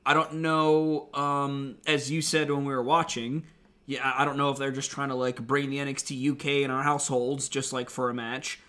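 A man's voice: medium pitch, normal speed. A man co-hosting a podcast, rambling casually with lots of "uh" and "like". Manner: relaxed, rambling with fillers like "uh" and "like". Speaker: podcast co-host. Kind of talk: casual chat.

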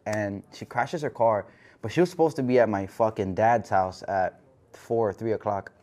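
Young male guest, foul-mouthed storyteller who gets loud when animated. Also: fairly low pitch, normal speed. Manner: profane storytelling, loud bursts when excited. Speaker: podcast guest. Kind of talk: casual podcast chat.

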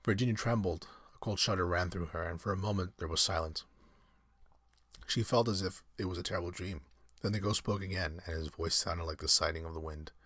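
A man reading a storybook aloud at an unhurried pace, now and then stumbling and correcting himself. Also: low-pitched, fairly bright tone, breathy edge, dry recording. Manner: unhurried, with slips and self-corrections. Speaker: reader.

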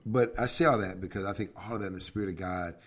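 Man, pastor, casual faith podcast chat, lowish voice, lively storytelling. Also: quick pace. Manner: animated, acts out quoted prayers, laughs often.

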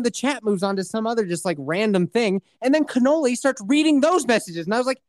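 A man on a casual podcast, telling a story in a theatrical fake rage and swearing freely. His pitch leaps up and down as he gets worked up. The sound is close and dry, with no room around it. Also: a little fast, few pauses, dry recording. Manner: animated ranting, swears a lot, mock outrage. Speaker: podcast co-host.

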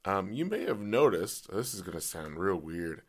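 A man hosting a casual solo podcast, his voice hoarse and cracking in and out, rambling with many fillers. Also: very animated, moderate pace. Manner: pitch jumps as voice cracks. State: voice partly gone, hoarse. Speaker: podcast host.

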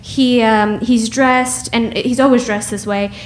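Slow, wry woman storyteller. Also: on the high side, fairly even intonation, slight background noise. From United States. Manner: wry, laughing, unhurried. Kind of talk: personal storytelling.

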